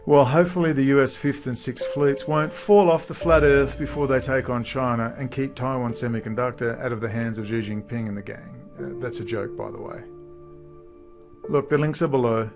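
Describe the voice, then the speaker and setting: A man's voice: medium pitch, fairly even intonation, normal speed, vocal fry, music in the background. A man giving political commentary, reading quotes aloud and laughing at them mockingly. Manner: mocking, laughs at what he reads.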